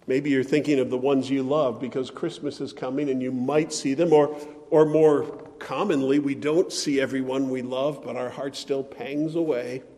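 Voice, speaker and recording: Slow-preaching man in a reverberant hall. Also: mid-range voice. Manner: measured preaching, swings between quiet and emphatic. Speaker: pastor. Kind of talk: sermon.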